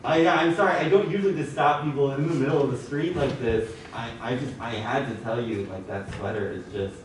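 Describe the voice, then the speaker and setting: A man's voice: mid-range voice, a little fast, voice pushed down, lightly acted. A young man improvising a flustered stranger who gushes over another man's sweater in the street. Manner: gushing, flustered. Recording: echoey hall from far off with noise.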